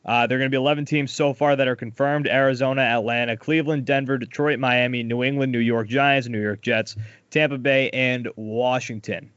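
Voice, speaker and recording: A man co-hosting a casual sports podcast, bluntly recapping the week's football scores with lively opinions. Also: medium pitch, brisk, dry recording, highs cut off. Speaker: podcast co-host.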